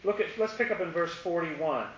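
A man's voice: fairly high pitch, moderate pace. A man teaching a Bible study, asking questions and acting out the lines of the crowd. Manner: animated, asks questions, acts out the crowd's lines. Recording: echoey, muffled room recording with faint hiss.

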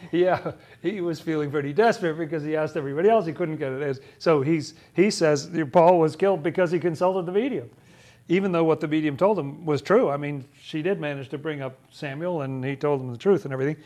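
A man's voice: a little high, a little fast, a little mellow. A man leading a casual Bible study, chatty and wry, often laughing.

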